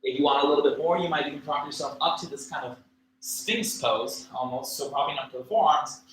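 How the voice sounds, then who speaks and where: A man teaching a livestreamed yoga class, cueing poses and breaths in a relaxed, casual way with fillers and small jokes. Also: on the high side, brisk. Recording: echoey room with faint ambient noise.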